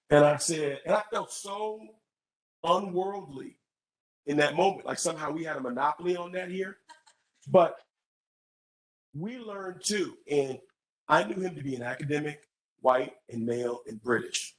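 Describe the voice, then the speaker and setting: A man with a fairly high voice, answering an audience question at a public college forum. He tells an animated, lively story and often repeats words and restarts mid-sentence. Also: moderate pace, pauses often, low-quality recording. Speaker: job candidate at a public forum.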